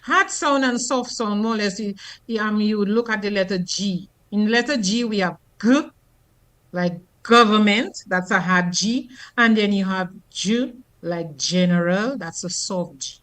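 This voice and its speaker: A woman's voice: mid-range voice, normal speed, fairly bright tone. A woman from Dominica, a linguist guest explaining pronunciation on a radio call-in show. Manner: explanatory, gives spoken examples. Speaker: linguist guest and former teacher.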